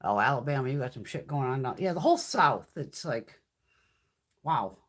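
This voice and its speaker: Woman, fifties, livestream host, blunt and profane, lively swooping pitch. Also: moderate pace. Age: 50s. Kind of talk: casual livestream chat. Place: home, mountain area.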